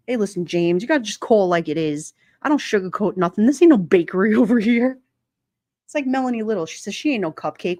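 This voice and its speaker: A woman chats on a relaxed livestream, talking straight to her viewers with blunt, playful humor and frequent laughter. Her voice sits a little high, and the sound is close and dry with no room echo. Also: brisk. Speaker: livestream host. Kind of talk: casual live chat with viewers.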